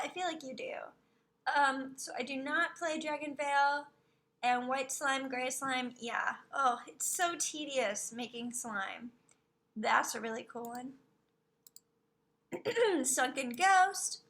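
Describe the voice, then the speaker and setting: Bright, bubbly high-voiced woman streamer. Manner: bubbly and gushing, with soft whispered asides. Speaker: live streamer. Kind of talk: casual live-stream chat.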